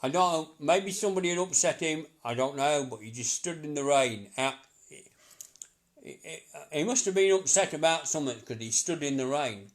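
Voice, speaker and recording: A man's voice: a little high, animated, moderate pace. Chatty, laughing middle-aged male medium. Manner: chatty, repetitive, laughing often. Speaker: psychic medium. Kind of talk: live reading to a sitter.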